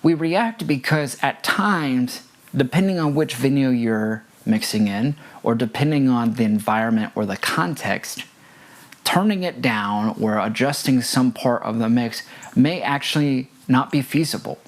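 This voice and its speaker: Male audio engineer, mid-pitched, earnest teaching tone, emphatic repetition. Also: animated, measured pace. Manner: earnest, emphatic, repeats key points. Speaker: front of house audio engineer. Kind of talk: instructional talk with personal stories.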